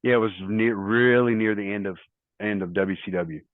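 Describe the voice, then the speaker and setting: Middle-aged male guest, lowish voice, anecdotal and rambling, phone-quality audio. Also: normal speed, no room sound. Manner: rambling anecdotal storytelling with quoted dialogue. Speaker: interview guest, former wrestler. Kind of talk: casual storytelling interview. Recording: tinny phone-like line, dry.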